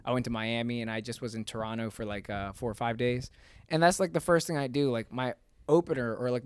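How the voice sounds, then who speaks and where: A man hosting a podcast, excitable and quick to laugh, with loud bursts as he tells stories. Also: mid-range voice, dry recording. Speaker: podcast host. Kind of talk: casual podcast chat.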